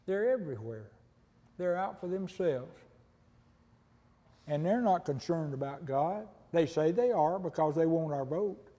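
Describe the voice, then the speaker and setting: A man's voice: on the high side, animated, unhurried, warm tone. An older man preaching a folksy, conversational sermon and acting out little dialogues. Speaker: pastor. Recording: long hall reverb.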